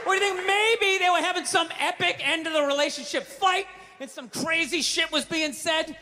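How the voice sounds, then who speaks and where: A man performing a stand-up routine for a live audience, ranting and swearing, with sudden bursts of shouting. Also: extremely high pitch, fairly even intonation, normal speed, some chatter behind, a little hiss or hum. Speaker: stand-up comedian.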